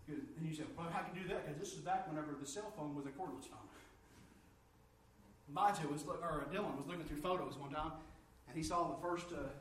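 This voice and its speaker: A man preaching a sermon, telling stories with lively energy that climbs high and loud when excited. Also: fast talker, distant mic, slight background noise. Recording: echoey room, from off mic.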